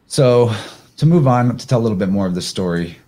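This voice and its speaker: A man's voice: lowish voice, expressive, a little fast, dark tone. A man giving a casual slide presentation on a podcast, thinking aloud with fillers and reading passages from his slides.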